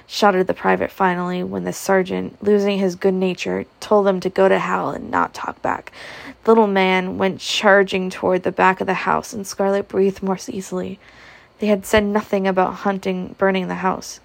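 Woman with a gravelly reading voice. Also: medium pitch, moderate pace, dry recording. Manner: expressive reading, breaks off to comment. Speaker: audiobook reader. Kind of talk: reading a novel aloud.

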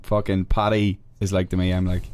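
Irish male guest with a low voice, swears a lot, tells stories with energy. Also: brisk. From Ireland. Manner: swears constantly, animated storytelling. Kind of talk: casual podcast chat.

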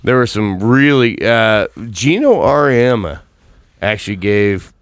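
A man's voice: lowish voice, expressive, a little slow, dry recording, clean studio sound. A man co-hosting a podcast in casual chat, joking and rambling with many restarts. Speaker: podcast co-host.

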